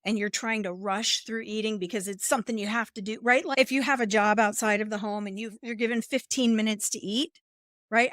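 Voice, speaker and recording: Expressive woman coach on a dry mic. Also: mid-range voice, normal speed, dry recording. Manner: expressive, acts out inner voices while explaining. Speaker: wellness coach and guest. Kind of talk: podcast interview conversation.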